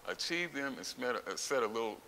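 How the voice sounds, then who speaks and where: A middle-aged man, a former champion weightlifter, telling his story in a gym with heavy profanity and loud, acted-out outbursts. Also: mid-range voice, expressive, fairly quick, creaky. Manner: profane, emphatic, acts out quotes with loud outbursts. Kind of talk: candid interview storytelling. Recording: long reverb with faint hiss.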